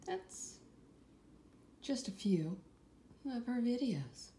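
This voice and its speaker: Woman from California, home unboxing vlogger, animated pitch, chatty and effusive with frequent soft asides. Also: drawn-out words, a little hiss or hum. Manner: chatty and gushing, often dropping to a soft whisper. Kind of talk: casual unboxing vlog.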